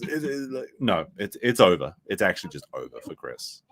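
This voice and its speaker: A man's voice: low voice, expressive, fairly quick. A man giving casual, rambling reaction commentary, full of fillers. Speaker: commentary streamer.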